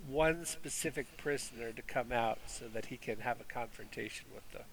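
A man's voice: medium pitch, a little fast, a bit bright, breathy edge, rough recording. A man hosting a casual movie review chat, rambling with fillers and restarts. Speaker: movie review podcast host.

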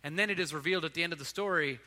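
A man's voice: on the high side, racing, sharp tone, in a large hall. A man giving a sermon, telling stories in an informal, conversational way. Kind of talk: sermon storytelling.

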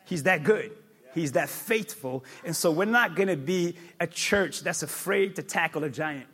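A male pastor preaching a sermon, emphatic and repetitive, with sudden loud peaks. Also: on the high side, moderate pace, breathy edge.

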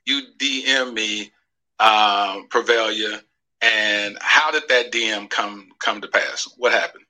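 A man's voice: fairly low pitch, slow pace, sharp tone, poor audio. A man hosting a relationship podcast in a studio, asking coaxing questions and leading a prayer in an earnest, pastoral way. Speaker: podcast host.

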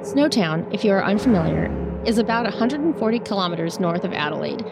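Woman reading a podcast intro over loud music. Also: medium pitch, animated, creaky. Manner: measured, read-aloud delivery. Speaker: podcast co-host. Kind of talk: scripted podcast intro narration.

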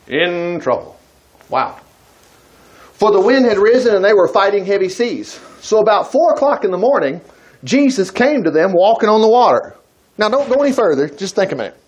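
A man preaching a sermon, reading scripture and stopping to comment in a folksy, conversational way to his congregation. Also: high voice. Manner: animated, breaks into acted quotes.

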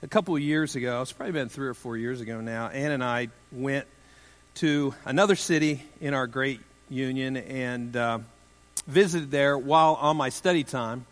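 A man's voice: mid-range voice, moderate pace, in a large hall. A pastor preaching a sermon in a conversational, humorous way, with joking asides to his listeners.

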